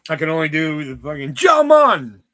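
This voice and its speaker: A man's voice: mid-range voice, normal speed, bright, forceful tone, dry recording. A man hosting a casual livestream, joking crudely with viewers and swearing often. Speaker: livestream host.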